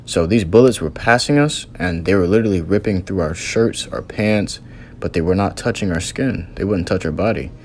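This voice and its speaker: A man's voice: low voice, moderate pace, slight background noise. A man earnestly recounting a religious vision as a testimony, in loose storytelling with many fillers.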